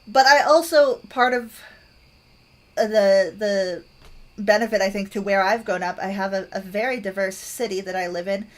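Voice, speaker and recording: A woman's voice: medium pitch, moderate pace. A young woman talks casually to her stream audience. She is chatty and rambling, circling back with restarts, fillers and easy laughs. The delivery is loose and conversational, like a streamer filling time between topics. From Canada.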